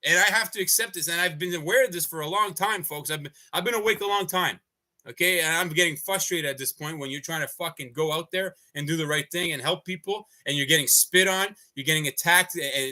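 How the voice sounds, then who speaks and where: A man delivering a heated livestream rant, full of profanity and restarts. His voice sits a little high for a man and cuts through with a very sharp, forceful edge. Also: fairly quick. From Canada. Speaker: activist livestreamer.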